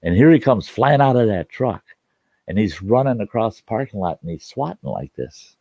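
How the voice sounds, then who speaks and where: A man with a fairly low, mellow voice spins a rambling, folksy yarn in a relaxed, conversational way. The sound is dry and slightly dull, like a lo-fi home recording with little room around it. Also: moderate pace, no echo. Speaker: storyteller host. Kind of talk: casual spoken storytelling.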